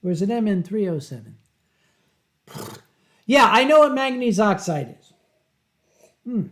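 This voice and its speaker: A man from Pennsylvania hosting a casual livestream from home, reading viewer comments and telling stories with drawn-out dramatic emphasis into a webcam mic. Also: high voice, sing-song, fairly bright tone. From Pennsylvania, USA. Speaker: livestream host.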